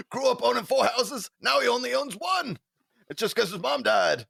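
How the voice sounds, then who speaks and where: A man's voice: very high voice, lively intonation, a little slow, gravelly, sharp tone, husky, no echo, clean studio sound, voice pushed up, heavily acted. A man voicing an older male driver, a boastful and crude former dealer, talking with a brash chuckle.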